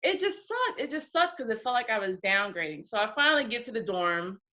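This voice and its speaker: A lively woman from the United States recounts stories in a casual interview, her bright voice leaping across a wide range. She laughs, swears freely and acts out quotes. The recording is dull and lo-fi. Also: a little high, a little fast. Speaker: interview guest.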